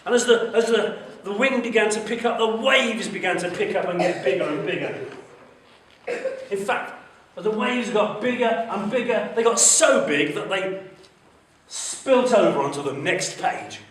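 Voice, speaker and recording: A man telling a Bible story to schoolchildren in an animated way, often asking them questions. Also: sits high, moderate pace. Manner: animated, asks the children questions. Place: school hall. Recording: echoey hall from far off, faint noise.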